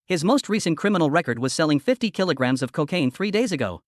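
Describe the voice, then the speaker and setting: A man recounts a story recap in a rapid, even storytelling voice. His pitch sits a little high and he moves fast. The sound is dry and close. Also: no echo. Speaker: recap narrator.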